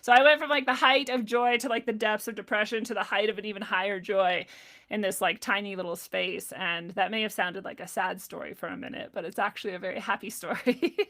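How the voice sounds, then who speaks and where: A woman telling a personal story straight to the camera, chatty and loose, full of filler words. She laughs often and acts out her own past lines. Her voice sits at a middling pitch for a woman. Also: fairly even intonation, brisk, sharp tone. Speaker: vlogger. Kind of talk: casual storytelling.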